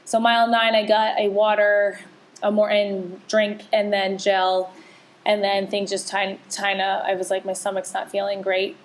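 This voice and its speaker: A woman's voice: mid-range voice, flat delivery, unhurried. A woman co-hosts a podcast in loose, candid chat. She talks openly and with feeling, circling back and restarting her sentences as she goes. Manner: candid, emotional, chatty with many restarts. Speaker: podcast co-host. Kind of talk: casual chat.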